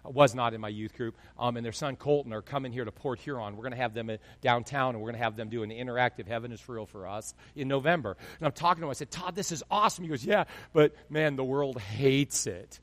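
A male pastor preaching a sermon in an animated storytelling way, swinging between loud bursts and hushed asides. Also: medium pitch, fast, hardly any pauses, in a large hall.

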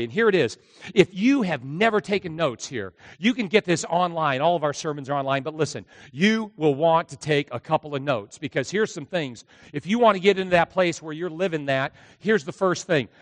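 A man preaches a sermon, retelling a story with acted-out dialogue and rising into shouts at its peaks. His voice sits high for a man. The sound is dry and close, with no room echo. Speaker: pastor.

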